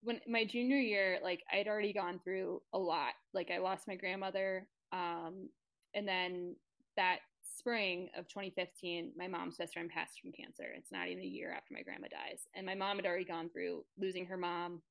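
A woman's voice: on the low side, fairly even intonation, a bit bright. A young woman in casual podcast chat, earnest and rambling as she opens up. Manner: earnest, rambling, quick to open up. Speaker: podcast guest.

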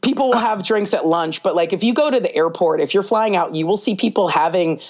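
A woman guest on a podcast, chatting casually in a rambling, animated way and laughing often. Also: lowish voice, a little fast. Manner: rambling asides with many fillers. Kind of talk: casual conversation.

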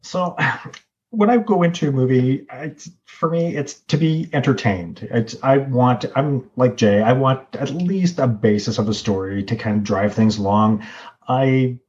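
A man who is a guest on a podcast, talking in relaxed casual chat as a self-described fanboy, with dull lo-fi sound. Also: mid-range voice, measured pace.

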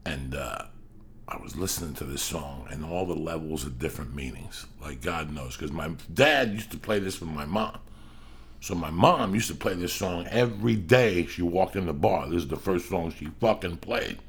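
Brief: middle-aged podcast host, low and gravelly, loose and profane. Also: male voice, lively intonation, normal speed. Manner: profane, rambling, bursts into yelling when acting out quotes. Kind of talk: casual storytelling chat.

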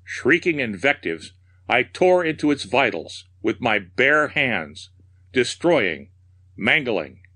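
A man reading a horror tale aloud with measured, darkly theatrical narration. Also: mid-range voice, sing-song, pushed and bright. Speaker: storyteller.

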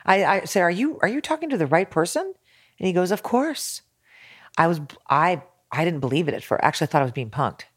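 A woman's voice: on the low side, lively intonation, fast talker, breathy edge, no echo, studio quality. A middle-aged woman, a singer and interview guest, tells her story candidly and with emphasis. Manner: frank and emphatic, acts out quoted exchanges.

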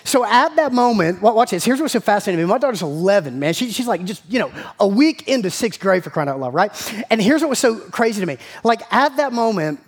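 A man, preaching a sermon and telling a family story in a folksy, animated way. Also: sits high, fast talker, husky. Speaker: pastor.

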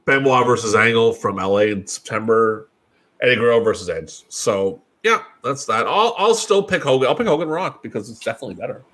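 Husky, blunt, profane man ranting. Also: mid-range voice, lively intonation, a little fast. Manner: swings between mumbling asides and loud outbursts. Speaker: podcast co-host. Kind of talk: casual chat.

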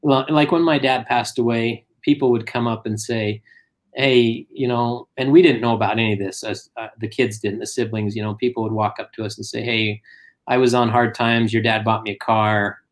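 Man telling lively stories. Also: mid-range voice, normal speed. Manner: animated anecdotes, acts out quotes. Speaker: guest. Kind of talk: casual storytelling.

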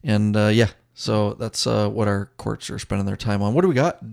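A man's voice: on the low side, moderate pace, gravelly, darkish tone. A man hosting a podcast, chatting casually and jokingly, calling his co-host dude. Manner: laid-back, jokey, says dude a lot. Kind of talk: casual chat.

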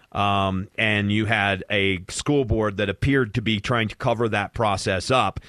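Male talk radio host, forceful bright voice, dry close studio sound, rambling conversational delivery. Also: on the low side, no room sound. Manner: chatty, rambling with fillers and restarts. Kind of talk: casual talk radio chat and storytelling. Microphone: studio microphone.

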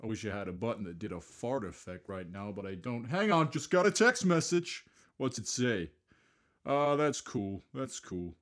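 A man's voice: lowish voice, expressive, normal speed. A man hosting a comedy podcast, rambling and scatterbrained, with frequent self-mocking asides. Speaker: host. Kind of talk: improvised comedy monologue.

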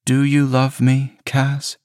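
A man's voice: medium pitch, completely flat delivery, slow, darkish tone, clean tone, dry recording, clean studio sound, pitched above the performer's own voice, natural voice. A man voicing a manipulative, decaying young boyfriend who talks in a smothering, coaxing way.

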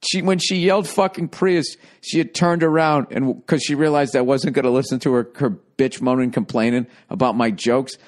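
A man's voice: medium pitch, fairly even intonation, moderate pace, few pauses. A middle-aged man and comedian telling a rambling, profane story in a casual podcast monologue with wry asides.

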